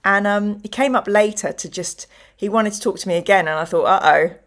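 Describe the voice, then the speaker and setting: In a casual chat, a middle-aged woman hosting a show tells stories and acts out the voices of others. She talks briskly, with a medium-pitched voice.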